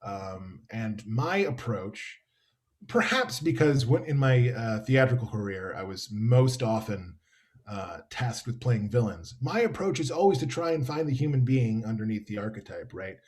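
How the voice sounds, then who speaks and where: A man's voice: medium pitch, expressive, unhurried, a little mellow. A man author speaking conversationally over a video call, thoughtful and expansive with wry asides.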